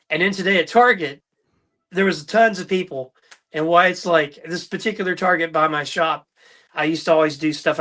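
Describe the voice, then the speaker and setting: Bright-voiced middle-aged man telling stories. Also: on the high side. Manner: storytelling, animated, mimics voices in anecdotes. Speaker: podcast host. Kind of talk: casual chat.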